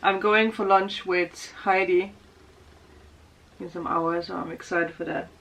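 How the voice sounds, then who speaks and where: Giggly bright-voiced woman unboxing gifts. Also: on the low side, steady tone, unhurried, creaky. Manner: giggly, gushing, laughs often. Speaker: tarot vlogger. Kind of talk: casual unboxing vlog.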